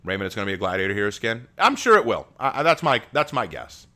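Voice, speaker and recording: Bright, lively male streamer. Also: on the low side, quick pace. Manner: chatty, joking, laughs often, restarts words. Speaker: streamer reacting live and reading chat. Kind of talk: casual live-stream chat.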